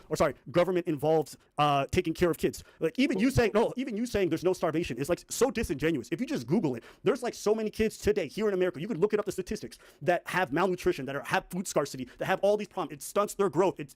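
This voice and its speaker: A man's voice: high voice, dry recording. A man in a heated casual debate, arguing insistently in a pointed, profane way.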